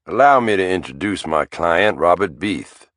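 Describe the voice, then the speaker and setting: Audiobook role: male narrator doing a pushy but affable middle-aged Southern lawyer, cultured and smooth, low and dry. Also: animated, moderate pace, fairly bright tone, no echo. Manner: polite and insistent.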